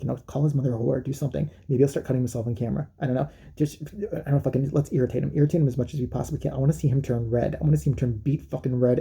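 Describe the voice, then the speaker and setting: A man's voice: mid-range voice, vocal fry, warm tone, breathy edge. A man delivering a rambling, profane comedic rant, mocking as he goes. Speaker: comedic commentator.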